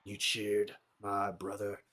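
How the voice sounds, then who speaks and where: A man voicing a sinister masked wrestler who turns on the crowd, speaking slowly and bitterly. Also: lowish voice, monotone, fairly bright tone.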